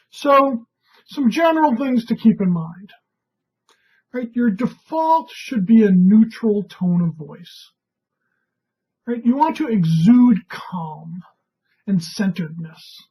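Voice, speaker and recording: A woman trainer giving an instructional talk in a calm, conversational way, often checking in with "right?". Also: fairly high pitch, slightly rough, dull audio.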